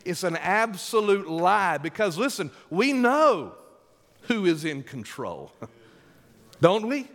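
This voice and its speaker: A male pastor preaching a sermon with emphatic, drawn-out delivery, calling for responses from the congregation. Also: high voice, very animated, fairly bright tone. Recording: long hall reverb.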